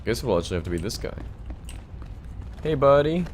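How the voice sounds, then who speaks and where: A man's voice: low voice, rapid-fire, background noise. A man giving casual gameplay commentary in a chatty, joking, rambling way. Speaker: gaming YouTuber.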